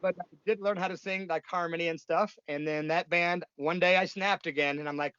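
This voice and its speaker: Man, 50s, punk musician storytelling, blunt, profane, rambling, slightly high voice, dry dull lo-fi audio. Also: steady tone, brisk, hardly any pauses, fairly bright tone, smooth, dry recording. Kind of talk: casual interview storytelling.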